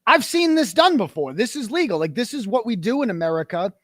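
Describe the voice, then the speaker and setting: A man's voice: high-pitched, big pitch swings, fairly quick, a bit bright, dry recording, studio quality. A man being interviewed, telling his story bluntly and with animation, swearing at times. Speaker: guest, independent journalist. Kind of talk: conversational interview.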